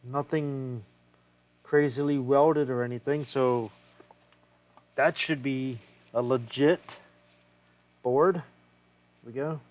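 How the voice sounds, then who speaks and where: A man talks slowly and loosely while he works on an old game cartridge. He thinks out loud in a casual, unpolished way and swears freely. His voice sits at an ordinary middle pitch. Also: steady tone. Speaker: retro game collector. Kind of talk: casual hands-on repair vlog.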